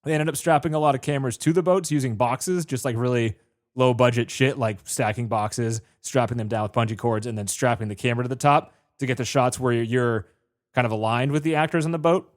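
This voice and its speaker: A man co-hosting a relaxed movie podcast, telling behind-the-scenes stories in a loose, rambling way. His voice sits at an ordinary middle pitch, and he laughs easily between points. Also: a little fast. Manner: rambling storyteller, laughs often. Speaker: podcast co-host. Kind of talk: casual film podcast chat.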